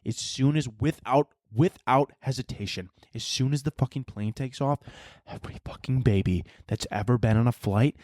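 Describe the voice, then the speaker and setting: A man's voice: mid-range voice, normal speed, darkish tone, dry recording, clean studio sound. A young man hosting his own podcast, ranting casually with lots of swearing and laughing at his own jokes. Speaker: podcast host. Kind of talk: casual solo rant.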